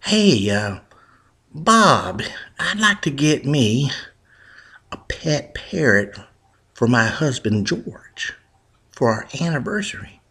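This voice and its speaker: A man's voice: mid-range voice, big pitch swings, takes it slowly, long pauses, pushed and bright, breathy edge, voice pushed up, heavily acted. A man voicing an eager middle-aged housewife, breezy and dismissive in manner.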